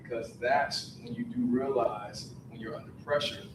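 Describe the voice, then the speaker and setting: Male moderator, mid-pitched, earnest and encouraging; echoey hall, distant mic with noise. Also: fairly even intonation, moderate pace. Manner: earnest, encouraging, builds to emphatic. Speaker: forum moderator. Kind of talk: public forum talk. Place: community meeting room. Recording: echoey room recorded from afar, noisy.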